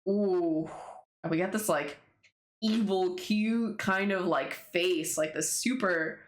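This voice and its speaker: A woman's voice: lowish voice, slow, a little hiss or hum. A woman casually commenting as she reads her own comic aloud, rambling, swearing and laughing in asides. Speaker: webtoon creator. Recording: roomy echo.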